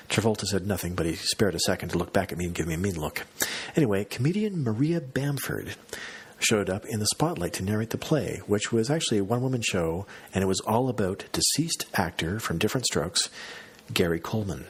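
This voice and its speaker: A man's voice: lowish voice, expressive, brisk, husky. A man hosting a podcast, telling a long story in a casual, self-mocking monologue. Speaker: podcast host.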